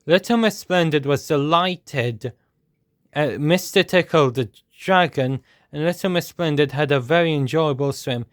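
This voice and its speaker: Man reading a children's story, smooth voice. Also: on the high side, a little slow, dry recording, studio quality.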